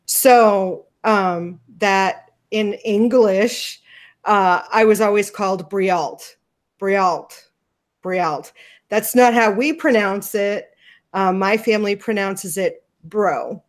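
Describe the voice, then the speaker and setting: A woman from the United States hosting a casual question-and-answer chat, rambling and relaxed. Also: mid-range voice, takes it slowly. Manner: rambling, lots of fillers, relaxed. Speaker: host.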